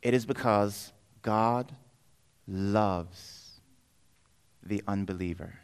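A male preacher delivering a sermon in an animated way, acting out quoted voices and swinging between loud passages and hushed ones. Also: lowish voice, very slow, smooth.

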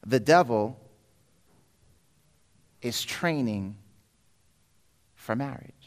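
A male preacher delivering a sermon in an animated way, acting out quoted voices and swinging between loud passages and hushed ones. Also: mid-range voice, extremely slow.

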